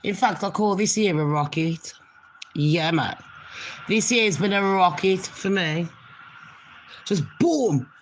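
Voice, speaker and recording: A woman's voice: lowish voice, slow, pauses often, slight background noise. A middle-aged woman, chatting casually to her viewers in a rambling, cheeky way while she has a cold and a cough. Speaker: vlogger. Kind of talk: casual rambling chat to camera.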